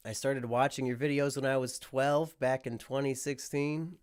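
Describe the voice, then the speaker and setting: A man's voice: medium pitch, steady tone, normal speed, clean tone. A man with a sick voice chatting casually on a livestream, rambling and swearing freely. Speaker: streamer.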